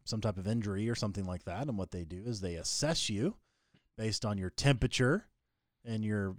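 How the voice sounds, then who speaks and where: A man co-hosting a casual talk show, explaining things plainly with deadpan sarcasm. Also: on the low side, no room sound, studio quality. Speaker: co-host. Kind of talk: casual chat.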